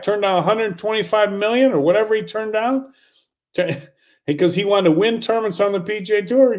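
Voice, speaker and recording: A man's voice: on the high side, a little mellow. An older man, a golf coach, ranting in incredulous exasperation, restarting and repeating himself with sarcastic laughs. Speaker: golf coach giving commentary. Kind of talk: animated opinion rant.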